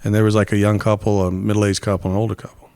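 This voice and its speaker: Low-voiced man telling rambling jokes. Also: little pitch movement, quick pace, dark tone, clean tone, no room sound, clean studio sound. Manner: rambling joke-telling with restarts. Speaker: podcast co-host. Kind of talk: casual comedy podcast chat.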